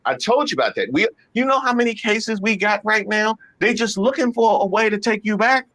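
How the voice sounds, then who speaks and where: Animated woman reacting to clips. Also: medium pitch, brisk. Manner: emphatic, repeats phrases, talks to viewers. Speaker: commentary host. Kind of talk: reaction commentary on viral clips.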